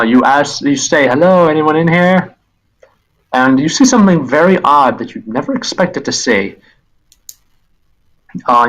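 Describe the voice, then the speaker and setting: A man running a tabletop game as game master, describing scenes with halting restarts. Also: medium pitch, a bit bright, low-quality recording.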